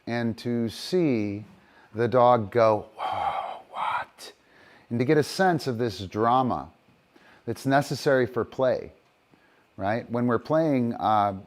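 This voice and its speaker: Unhurried man training dogs on camera. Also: medium pitch. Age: middle-aged. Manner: coaxes dogs with soft praise, then explains in a steady, unhurried way. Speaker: dog trainer. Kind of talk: live training demonstration.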